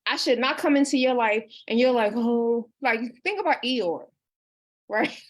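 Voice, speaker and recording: On a livestream, a life coach in her thirties leads a book discussion and reads out comments from viewers in an earnest, casual way. Her fairly high voice is expressive and moderately paced, and her personal manner is full of restarts and "you know."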